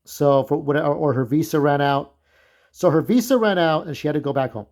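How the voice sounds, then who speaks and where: A man with a voice a touch higher than usual talks through a loose, reminiscing monologue. He is blunt and candid, wanders off on tangents and swears freely. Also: brisk, a little mellow. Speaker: vlogger.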